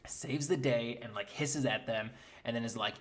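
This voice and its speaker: A man's voice: mid-range voice, moderate pace, heavy background noise. A young man giving a sarcastic comedic movie recap in a casual, rambling way, full of fillers and mocking impressions of the characters. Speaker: comedy commentator.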